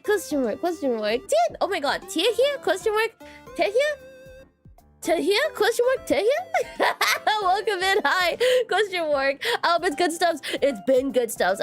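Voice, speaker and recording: Giggly high-voiced woman streamer. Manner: giggly, chatty, lots of filler "like", repeats phrases. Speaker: VTuber streamer. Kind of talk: casual livestream chat with viewers.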